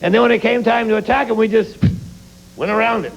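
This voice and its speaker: A middle-aged man doing a sarcastic stand-up routine and talk-show banter, with punchy delivery and quick asides. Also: sits high, fairly even intonation, gravelly, lo-fi sound. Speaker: stand-up comedian and guest. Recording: TV studio taping with audience laughter and hiss.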